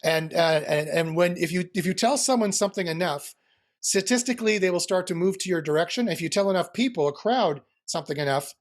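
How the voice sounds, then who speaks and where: Middle-aged male guest, high-pitched, explains in a lecturing manner. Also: animated, a little fast. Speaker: guest, philosopher and teacher. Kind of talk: casual interview answers.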